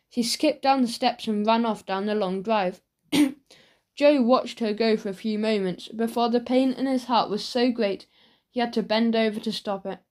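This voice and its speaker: A woman narrating a children's audiobook with expressive storytelling. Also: fairly high pitch, normal speed. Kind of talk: scripted narration of a children's book.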